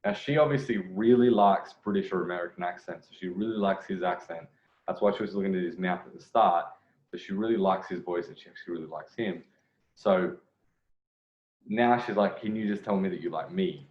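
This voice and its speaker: Guy commenting on a dating clip, kinda low voice, roomy dull sound. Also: a little mellow. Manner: pauses clip to explain, laughs often, acts out quotes. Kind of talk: video breakdown commentary.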